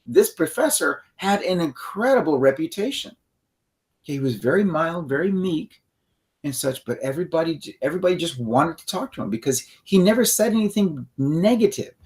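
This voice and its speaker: A man's voice: a little high, lively intonation, moderate pace, a little mellow. Explaining man who checks in with "okay?". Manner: explanatory, checks in with 'okay?', frequent restarts. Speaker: co-host. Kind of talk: instructional conversation.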